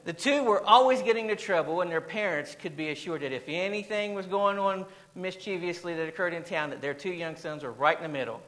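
A man preaching in a church speaks in a high-pitched, brisk voice, a bit bright, with hardly any pauses, and the audio is poor. The pastor reads an anecdote aloud in storytelling fashion, repeating phrases and firing questions at his listeners.

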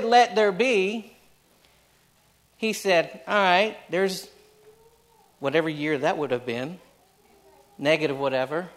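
A middle-aged man with a notably high voice delivers a sermon. He preaches emphatically, circling back on his phrases and putting rhetorical questions to his congregation. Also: a bit bright. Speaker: pastor.

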